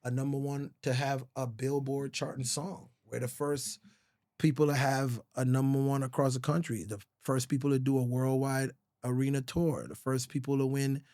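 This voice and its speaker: A man's voice: mid-range voice, level tone, normal speed, warm tone. A middle-aged man from the Virgin Islands, a songwriter guest telling stories candidly and emotionally, swearing often and calling people bro. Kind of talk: casual storytelling interview.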